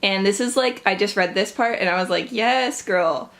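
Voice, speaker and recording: A woman's voice: medium pitch, fairly quick, fairly bright tone. A young woman chatting casually in a reading vlog, gushing and swearing lightly, with lots of "like" in her talk. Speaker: book vlogger. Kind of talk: casual chat.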